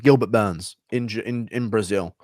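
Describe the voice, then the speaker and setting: A man's voice: on the low side, moderate pace, a little mellow, dry recording. Man, live stream chat, blunt and opinionated, dry close sound.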